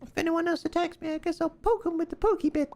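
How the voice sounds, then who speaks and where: A woman voicing a small, jittery young male crab in a game, reading its lines aloud in a squeaky, frantic, comic voice. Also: steady tone, fast, a little mellow, slight background noise. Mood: wry.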